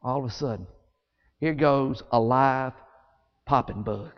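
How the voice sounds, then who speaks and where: A man preaching a sermon as a story, animated and folksy, acting out scenes with sound effects. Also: mid-range voice, unhurried. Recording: echoey hall, dull sound.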